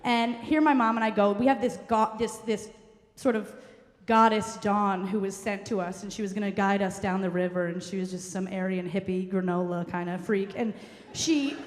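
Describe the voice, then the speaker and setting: A woman telling a comic personal story on stage, fast, wry and profane, recorded in a live venue hall. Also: mid-range voice, steady tone. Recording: echoey hall, faint room noise.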